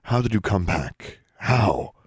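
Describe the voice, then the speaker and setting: A man's voice: lowish voice, very animated, slow pace, breathy edge, no echo, clean studio sound, voice pushed up, full character voice. A man voicing a smug, patronizing wizard interrogator in an audiobook, demanding and growling. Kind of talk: audiobook narration.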